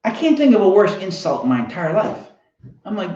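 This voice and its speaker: A man with a Boston accent hosting a fantasy football show, telling a rambling, animated story in a casual monologue. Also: sits high, fairly quick. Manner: rambling, animated, self-interrupting. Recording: roomy, dull lo-fi sound.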